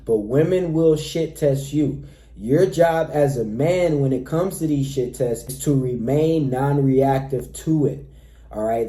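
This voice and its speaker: Male dating coach, very mellow voice, emphatic, roomy reverb. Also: mid-range voice. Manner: emphatic, repeatedly says "all right, fellas". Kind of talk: direct-to-camera advice talk.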